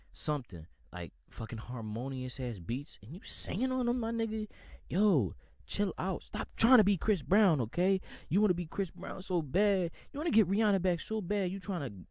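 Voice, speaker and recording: A man's voice: a little high, dry recording, clean studio sound. A young man hosting a podcast, delivering a heated, profane music rant with exasperated energy. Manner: animated, profane, exasperated ranting. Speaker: podcast host.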